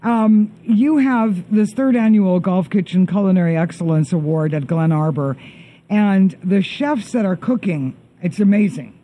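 A middle-aged man hosting a show, chatting casually with a guest and reading out lists of names haltingly. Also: high-pitched, mellow. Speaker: show host. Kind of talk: casual interview chat.

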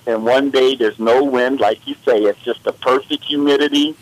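A man's voice: medium pitch, moderate pace, hardly any pauses, no echo, rough recording. A man co-hosting a radio show, rambling in casual chat and getting worked up as he tells stories. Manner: animated, rambling, exasperated storytelling. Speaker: radio co-host.

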